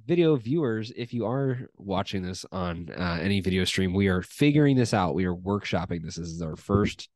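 A man's voice: low-pitched, lively intonation, moderate pace, hardly any pauses, a little mellow, no room sound, clean studio sound. A man hosting a sports podcast, chatting casually and upbeat, laughing easily. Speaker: podcast host.

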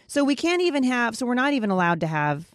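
A woman's voice: a little high, very animated, fast talker, dry recording, clean studio sound. A woman interviewing a guest, asking probing questions and making emphatic, opinionated points. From Pacific Northwest, USA. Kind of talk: conversational interview.

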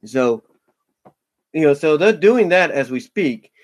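A man's voice: on the high side, animated, takes it slowly. A man giving casual solo commentary on a podcast, rambling with many fillers and repeating himself. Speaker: wrestling commentator.

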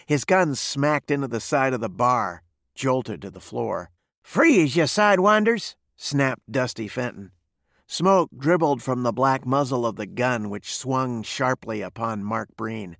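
A man reading a western novel aloud in a steady storytelling manner. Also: medium pitch, measured pace, creaky, dry recording, clean studio sound. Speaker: narrator.

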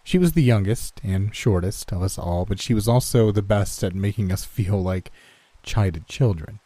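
Brief: male narrator, low and mellow, dry close sound, wry delivery. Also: moderate pace, dry recording. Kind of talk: first-person story narration.

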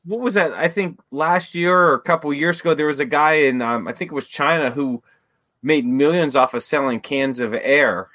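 Man, slightly high voice, co-host, dry teasing quips. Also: normal speed, sharp tone. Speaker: podcast co-host and blogger. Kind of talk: casual chat.

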